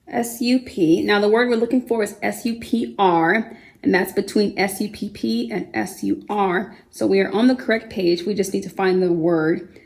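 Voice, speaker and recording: A woman gently teaches a children's vocabulary lesson, slowly spelling words out letter by letter and pausing with fillers. Her voice sits at an ordinary middle pitch. The recording carries a noticeable room echo. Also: vocal fry. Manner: gentle and encouraging, with frequent fillers. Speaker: homeschool teacher. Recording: echoey room.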